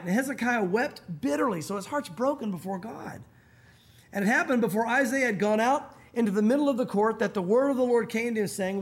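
High-voiced pastor preaching a sermon. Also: male voice, fairly quick. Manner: conversational, acts out biblical dialogue in casual modern speech. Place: church sanctuary.

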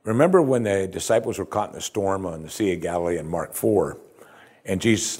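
Husky low-voiced man preaching a sermon. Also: lively intonation, a little fast, darkish tone. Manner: expository, conversational preaching with emphatic rises. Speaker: pastor.

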